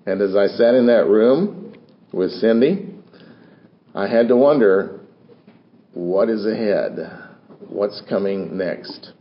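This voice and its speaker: An older man preaching a sermon from the pulpit with dramatic, swinging delivery and repeated phrases. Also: lowish voice. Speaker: pastor. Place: church sanctuary. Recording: roomy dull church recording.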